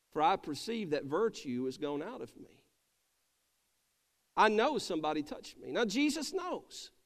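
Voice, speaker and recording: Man, pastor, sermon, high voice, calls for amens, long church reverb. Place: church sanctuary.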